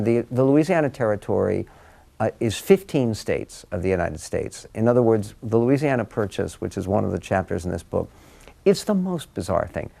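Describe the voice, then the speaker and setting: A man's voice: lowish voice, gravelly, a little mellow. An older man speaking as an author to a room of listeners, telling family stories in a rambling, wry, conversational way with frequent ums and restarts. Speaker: author giving a book talk. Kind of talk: conversational storytelling talk to an audience. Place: room with a live audience.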